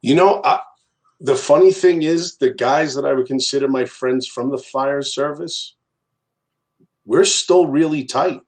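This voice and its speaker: A man's voice: mid-range voice, a little slow. A man speaking earnestly and reflectively in a casual chat.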